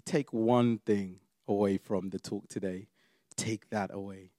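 A man preaching a sermon, swinging from loud exclamations to quiet, intimate asides. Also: on the low side, steady tone, measured pace, no echo, clean studio sound.

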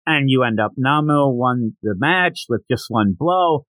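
A man hosting a podcast who gives a casual, animated recap of a comic chapter, with jokey asides. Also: medium pitch, a little slow, no room sound, low-quality recording. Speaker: podcast host.

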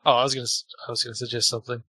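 Bright, dry-voiced tabletop player. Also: mid-range voice, little pitch movement, rapid-fire, slightly rough, no echo. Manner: hesitant, trails off. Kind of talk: casual tabletop play.

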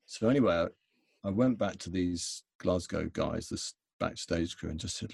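Man, middle-aged, deep gravelly voice, husky, dry close sound, animated storyteller. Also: normal speed, dry recording. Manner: animated anecdote-telling with frequent restarts and laughter. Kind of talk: conversational storytelling.

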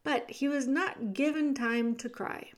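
Woman narrator for a children's storybook, high and unhurried, expressive. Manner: expressive, leans into the action and speaks to the reader. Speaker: audiobook narrator.

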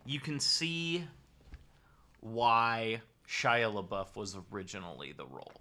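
A man's voice: fairly low pitch, animated, slow, sharp tone. A young man co-hosting a casual chat, rambling with many restarts. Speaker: podcast co-host.

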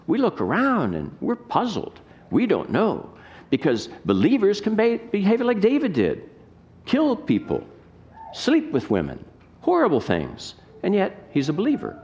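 A man, a pastor, preaching a sermon with emphatic rhetorical questions and scripture reading. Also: on the high side.

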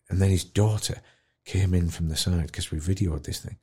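A man speaks with a deep, husky, mellow voice. He tells his story with feeling, lively one moment and hushed the next. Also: normal speed. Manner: animated, emotional storyteller, drops to a hush at tender moments. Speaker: guest musician in care.

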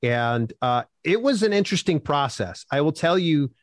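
A man answering interview questions as a self-publishing expert, upbeat and animated, acting out quotes as he tells stories. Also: fairly high pitch, moderate pace, no room sound, studio quality.

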